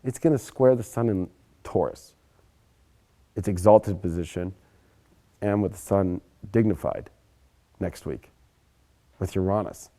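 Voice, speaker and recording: A young adult man giving a casual, animated astrology monologue, emphatic and often swearing. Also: low voice, unhurried, pauses often. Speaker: astrology presenter.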